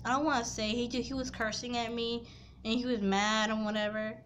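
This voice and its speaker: A young woman in her late teens telling an upset personal story in a rambling casual way, swinging from quiet to loud and angry. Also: a little high, flat delivery, fairly quick, slight background noise. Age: young adult.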